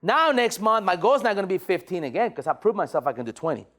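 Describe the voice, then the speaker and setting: High-pitched guy pumping up a sales team, keeps repeating himself, big energy. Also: fast. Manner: energetic, repeats phrases, call-and-response. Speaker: sales trainer. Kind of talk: motivational sales training talk.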